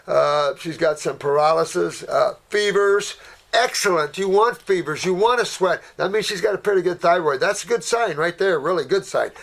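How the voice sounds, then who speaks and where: A man's voice: fairly high pitch, a bit bright. An older man in a casual question-and-answer talk, rambling and folksy, calling people honey and sweetheart and trailing off as he searches for words. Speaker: naturopath answering viewer questions. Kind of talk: casual Q&A commentary.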